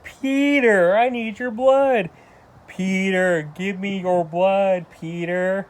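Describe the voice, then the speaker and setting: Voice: medium pitch, steady tone, takes it slowly, close to an everyday voice. A reviewer doing a mocking impression of a whiny, sulking young man villain who pleads and throws a childish tantrum. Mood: whining.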